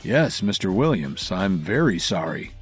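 A man voicing Drake, a husky crime boss. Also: sits low, very animated, unhurried, faint music behind, exaggerated voice. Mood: menacing. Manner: cold, threatening delivery. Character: menacing adult male crime boss.

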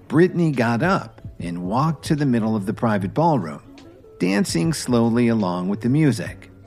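A male storyteller reading a scripted tale in an expressive, measured way. His pitch sits mid-range but swings widely and animatedly from line to line, with faint music underneath. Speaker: narrator.

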